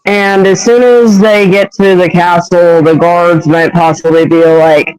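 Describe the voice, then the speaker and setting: A young man pitching a fan story, hesitant and rambling with many fillers. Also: little pitch movement, a little slow, a little mellow, clean tone, rough recording. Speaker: fan voice actor.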